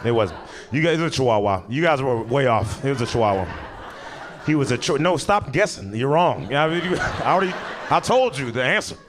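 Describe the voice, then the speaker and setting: A man's voice: mid-range voice, lively intonation, a little fast. A young man doing a laid-back, chatty stand-up set on a club stage, slipping into voices for people in his stories. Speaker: stand-up comedian. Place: comedy club stage before a live audience. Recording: live audience noise, background hum. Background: audience laughter and clapping.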